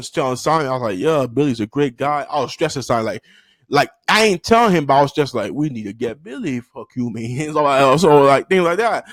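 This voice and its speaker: A young adult man tells a casual storytime to camera, loose and slangy, full of fillers and restarts. When he acts out quotes he breaks into high-pitched yelps, and there's no room sound.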